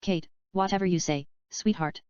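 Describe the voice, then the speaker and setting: A teasing, provocative actress, read aloud by a woman pokes at her partner. The voice is smooth and a little low, read plainly. The recording is dry and close, with a dull, slightly lo-fi sound. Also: normal speed, darkish tone, dry recording, lightly acted.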